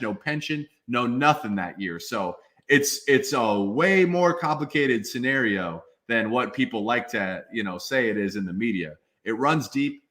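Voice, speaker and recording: A man's voice: medium pitch, a bit bright. A man in his twenties, a former football player, talking emphatically as a guest in a casual interview.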